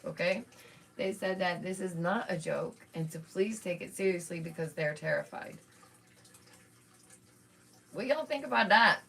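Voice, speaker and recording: A woman's voice: fairly low pitch, gravelly, a bit bright. A woman hosting a casual live stream from home, chatting to her viewers as "y'all" with lots of asides and small laughs. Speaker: streamer and channel host.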